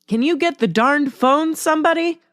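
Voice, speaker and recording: A woman's voice: fairly high pitch, expressive, a little slow, dry recording, studio quality, voice pushed up. A woman voicing a grumbling father interrupted while watching TV, in a storybook reading. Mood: irritated.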